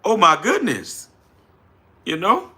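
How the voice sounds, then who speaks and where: A middle-aged man with a New Orleans accent holds a casual livestream and talks straight to his viewers. His voice is very bright and pitched a bit high, and his delivery is folksy and animated. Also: slow pace. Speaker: livestream host, trucking business owner.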